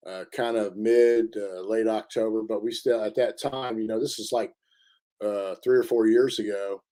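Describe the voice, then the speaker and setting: A man telling a story in a casual interview, halting often with fillers and restarts. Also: lowish voice, steady tone, warm tone. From Indiana. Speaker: interview guest.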